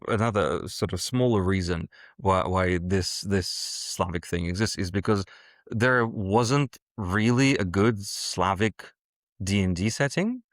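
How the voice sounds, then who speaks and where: A man's voice: on the low side, no echo, clean studio sound. A man talking as a podcast guest in a casual interview, hesitant and full of fillers and restarts. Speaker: guest, game designer and world builder.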